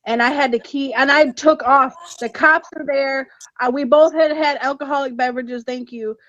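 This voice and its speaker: High-voiced woman telling an animated story. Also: moderate pace, dry recording. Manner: animated, emphatic storytelling with laughs. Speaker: podcast co-host. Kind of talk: casual storytelling chat. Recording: dull, slightly muffled podcast audio.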